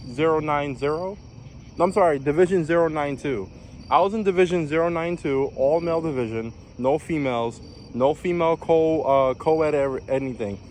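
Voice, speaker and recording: A man's voice: fairly high pitch, a little mellow, slight background noise. A young man from New York, a former navy recruit, telling his story in a casual vlog with lots of fillers and restarts. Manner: rambling, many fillers and restarts.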